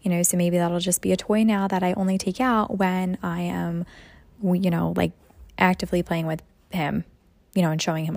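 A woman's voice: fairly low pitch, little pitch movement, normal speed, gravelly, darkish tone, no echo. A young woman, a mother hosting her own podcast, talking through her thoughts in a rambling, reflective way with lots of fillers. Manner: rambling, reflective, many "you know" fillers. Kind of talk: casual solo podcast monologue.

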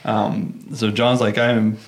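A man co-hosting a casual Bible discussion podcast, talking in an easygoing, halting way with many "likes" and restarts. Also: lowish voice, little pitch movement. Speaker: podcast co-host.

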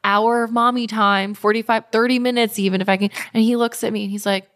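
A woman in her thirties, a guest telling stories in casual, animated chat, often restarting her sentences. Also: on the high side, a little fast. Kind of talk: casual conversational storytelling.

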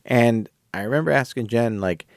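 A man's voice: mid-range voice, normal speed, vocal fry, dry recording, clean studio sound. A man hosting a podcast, telling a story in a casual, rambling way and correcting himself as he goes. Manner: rambling, self-correcting, animated retelling. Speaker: podcast host.

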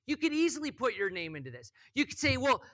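A man's voice: extremely high pitch, very animated, fast talker, sharp tone. A young man preaching a casual sermon as pastor, chatty and joking, with lots of "like" fillers.

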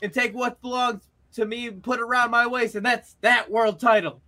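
A brash, crude wrestler barks a defiant promo full of curses, as a man puts him on. The voice is bright and high, and fast in places. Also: flat delivery. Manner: rowdy, cursing promo.

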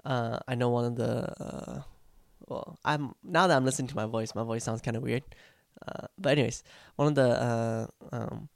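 Gravelly young man musing about his song. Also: medium pitch, steady tone, moderate pace, no room sound, studio quality. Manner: rambling, reflective, with frequent fillers and restarts. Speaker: vlogger recording his own song. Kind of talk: casual vlog talk.

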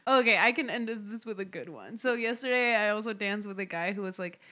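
A woman's voice: medium pitch, expressive, quick pace, bright, forceful tone. A young woman co-hosting a casual podcast chat, telling candid stories and laughing often. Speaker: podcast co-host.

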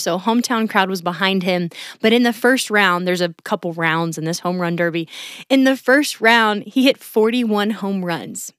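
A woman's voice: medium pitch, smooth, no echo, studio quality. A woman hosting a solo sports recap podcast, chatty and upbeat, with a casual, enthusiastic delivery.

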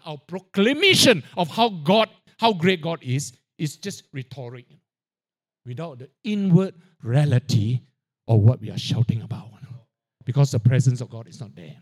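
A man preaching a sermon, peppering his lines with "you know, right?" and dropping quiet on the tag-ons. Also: fairly high pitch, very animated, normal speed. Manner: drops to a quiet aside on filler tags. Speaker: pastor.

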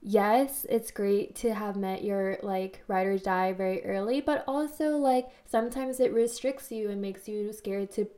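A woman's voice: mid-range voice, fairly even intonation, a little slow, hardly any pauses, mellow. A young woman co-hosting a podcast, speaking in a reflective, supportive way with frequent "like". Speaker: podcast co-host. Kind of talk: casual chat.

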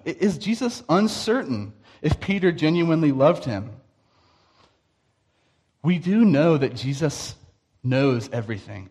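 Man preaching with quiet intensity. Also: on the high side. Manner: storytelling, acts out quoted voices, drops to quiet intensity. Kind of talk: sermon.

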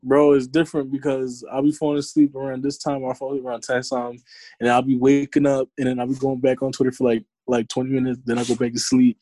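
A young man trades jokes in loose, slangy podcast talk. His voice sits at an ordinary pitch. The miking is close and dry. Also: little pitch movement, fast, warm tone, no echo. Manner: joking, slangy banter. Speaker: podcast co-host. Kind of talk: casual chat.

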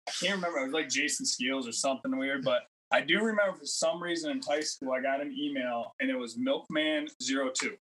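A man's voice: mid-range voice, brisk, few pauses, pushed and bright, low-quality recording. A man in his thirties chatting casually as a podcast guest, rambling through stories and acting out quotes in a raised voice. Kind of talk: casual chat.

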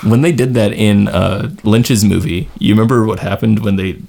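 A man's voice: fairly low pitch, moderate pace, gravelly, mellow. A man co-hosting a podcast, chatting casually about movies, laughing and rambling. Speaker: podcast co-host. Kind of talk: casual chat.

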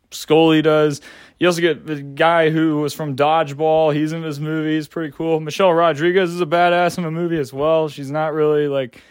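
A man's voice: fairly high pitch, clean tone, no echo, clean studio sound. A young adult man giving a casual movie review, rambling with lots of filler words and casual swearing.

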